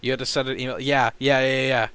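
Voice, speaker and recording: Male streamer, casual rambling chat, lots of swearing, bright voice. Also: mid-range voice, flat delivery, a little fast, clear, resonant tone, no echo. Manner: rambling, swearing, laughing between asides.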